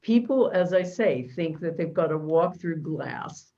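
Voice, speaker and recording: A woman host talking in a measured, enthusiastic way over a video call. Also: low-pitched, animated, mellow, lo-fi sound. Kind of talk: video interview.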